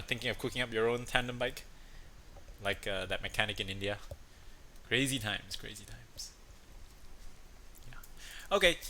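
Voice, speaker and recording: A man's voice: medium pitch, bright, forceful tone, a little hiss or hum. A man teaching a casual online lesson, chatty and rambling, with punny asides and lots of fillers.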